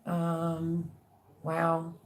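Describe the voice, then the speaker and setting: A woman hosting a casual livestream, chatting and reading viewer comments aloud with warm, gushing thanks. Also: sits low, monotone, drawn-out words. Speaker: livestream host.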